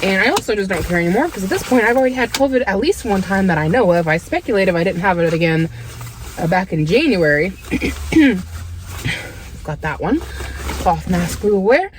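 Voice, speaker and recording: Young female vlogger, exasperated rant, lively swooping pitch, mid-range voice, phone in a parked car. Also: fairly quick, a little hiss or hum. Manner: animated, exasperated ranting, mocking quoted voices. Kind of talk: casual ranting vlog.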